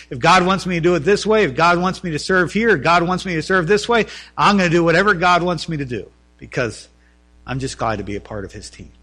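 Bright-voiced preaching pastor, man. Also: a little high. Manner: preaching with swings from loud emphatic runs to quiet earnest talk. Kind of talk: sermon. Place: church.

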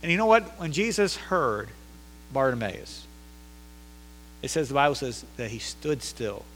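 A male pastor preaching a sermon, emphatic and repetitive, swinging between loud declarations and hushed lines in a church sanctuary. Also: mid-range voice, very animated, a little slow, slight background noise. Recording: long hall reverb.

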